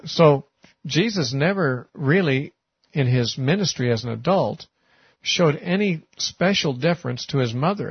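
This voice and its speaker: Husky guy doing bible teaching, chatty w lots of uhs, dull dry recording. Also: mid-range voice, no room sound. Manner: conversational, with frequent "uh" and "you know". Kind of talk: sermon-style Bible teaching. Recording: muffled, lo-fi recording.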